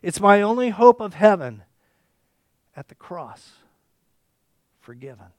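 A man preaching a sermon, reading scripture aloud and speaking straight to the congregation, moving from impassioned cries to hushed near-whispers. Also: high voice, animated, takes it slowly, no room sound, clean studio sound.

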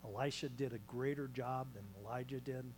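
Pastor preaching with hushed, dramatic swings. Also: male voice, medium pitch, fairly even intonation, fairly quick, a little hiss or hum, poor audio. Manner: dramatic swings from loud calls to hushed near-whispers. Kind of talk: sermon. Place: small church.

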